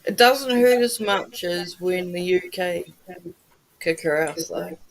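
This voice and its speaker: Gravelly New Zealand woman chatting slowly. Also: lowish voice, low-quality recording. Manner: blunt, swears freely, laughs often. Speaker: livestream host. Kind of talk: casual live chat with viewers.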